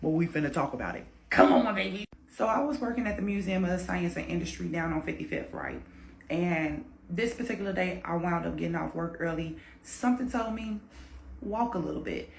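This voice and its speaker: A woman's voice: fairly low pitch, a little fast, creaky, slight background noise. Lady spinning a spooky tale, cussing and laughing, roomy echoey sound. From Chicago, USA. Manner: animated, profane, laughs a lot. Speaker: storyteller. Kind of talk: casual paranormal storytelling. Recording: roomy echo.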